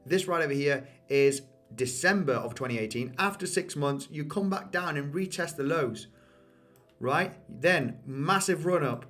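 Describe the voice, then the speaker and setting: A crypto market analyst gives casual commentary over price charts while losing his voice, repeating himself, calling viewers "guys" and often saying "okay?" and "you know." His voice is a little high, unhurried and a bit bright, with faint music behind.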